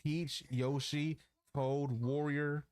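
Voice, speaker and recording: A man's voice: on the high side, level tone, very slow, background noise. A man co-hosting a casual gaming podcast, reading through a long character list and stumbling over names. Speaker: podcast co-host.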